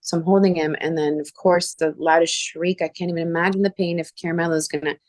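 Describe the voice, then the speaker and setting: Animated, lower-voiced woman telling stories. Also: quick pace, dry recording. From Canada. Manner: animated storyteller, acts out quoted voices. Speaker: show host. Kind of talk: casual chat.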